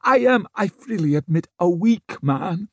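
A high, babbling, snivelling prisoner. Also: male voice, animated, a little slow, no room sound, clean studio sound. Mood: begging. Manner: babbling, pleading. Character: snivelling weak male prisoner begging for mercy.

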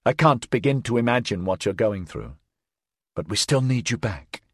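A man's voice: fairly low pitch, expressive, moderate pace, no room sound, studio quality. Bella, a man voicing an earnest pleading woman. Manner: earnest, persuasive, soft-spoken.

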